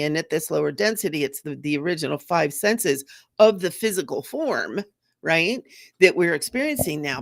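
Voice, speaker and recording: Woman, middle-aged, gravelly, earnest chatty live-stream host, dry. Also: lowish voice, no echo. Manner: earnest, chatty, with fillers and restarts; greets viewers in chat. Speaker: psychic medium hosting a live stream. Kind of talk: casual live-stream talk.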